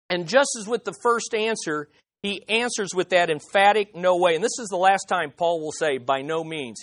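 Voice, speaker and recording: A male pastor delivering an emphatic sermon in church, full of rhetorical questions and dramatic swings between loud and soft. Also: sits high, dry recording.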